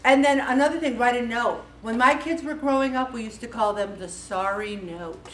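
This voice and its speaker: Woman, fifties, casual group talk, slightly high voice, echoey distant room, faint background noise. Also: moderate pace. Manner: chatty and animated, acts out quoted voices. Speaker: faith-based support group leader. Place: meeting room.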